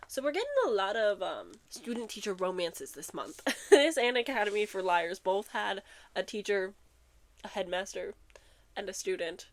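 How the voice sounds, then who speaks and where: A young woman chats breathlessly through a book unboxing, quick to giggle and to burst into excited asides. Her voice sits at an ordinary middle pitch for a woman, and her talk is relaxed and conversational. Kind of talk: casual chat and reading blurbs aloud.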